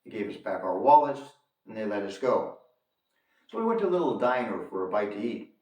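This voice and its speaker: A man's voice: fairly low pitch, big pitch swings, a little fast, darkish tone. A man telling a story to his viewers in an emphatic rant, repeating lines for effect and calling them folks. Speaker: commentator on his own channel. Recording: echoey room, distant from mic.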